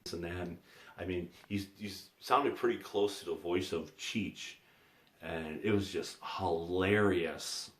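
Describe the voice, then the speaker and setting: A man's voice: low voice, slow, breathy edge. A man telling rambling personal stories in a casual vlog, repeating himself and restarting often. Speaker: vlogger. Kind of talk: casual storytelling. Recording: echoey room.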